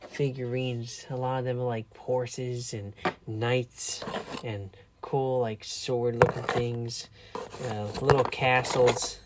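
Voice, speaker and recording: A man's voice: medium pitch, background noise. A man casually telling a rambling story to his viewers, a little tired, with frequent restarts. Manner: rambling, chatty, with restarts and laughs. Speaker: vlogger.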